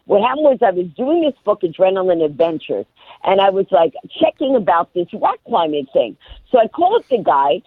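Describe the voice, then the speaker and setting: A woman rattles through a comic story at breakneck speed, her pitch leaping high and low as she acts out each voice. She comes through a tinny phone line that sounds dry and close, with no room around her. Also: no echo. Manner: rapid-fire, animated, acts out quoted voices. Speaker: guest, comedian and motivational speaker. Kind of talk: comic storytelling on live radio.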